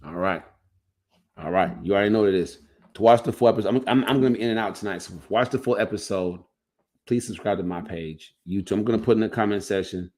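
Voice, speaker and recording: Low-voiced man rambling on a livestream. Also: quick pace, darkish tone. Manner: loose, rambling, restarts mid-sentence. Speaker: livestream host and coach. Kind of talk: casual livestream commentary.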